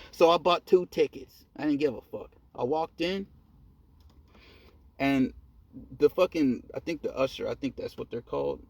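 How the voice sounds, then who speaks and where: A man telling a personal story in a casual monologue, profane and animated, laughing at himself. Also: fairly high pitch, unhurried, creaky, long pauses. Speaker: storyteller vlogger.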